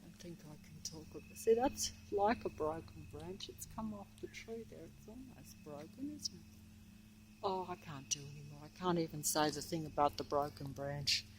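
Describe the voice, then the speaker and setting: Breathless on a walk through an outdoor park, a woman with a low-pitched voice talks into a handheld phone she's filming with. She rambles, trailing off and stopping and starting again, over a rough recording with slight background noise.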